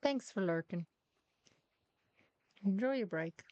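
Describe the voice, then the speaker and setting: A woman's voice: mid-range voice, animated, slow, darkish tone, dry recording. Woman streamer, put-on Irish accent with an American edge, casual and profane, talking to chat and her cat at home. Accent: put-on Irish, Dublin-ish with a hint of American. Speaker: game streamer. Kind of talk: casual gameplay chat with viewers.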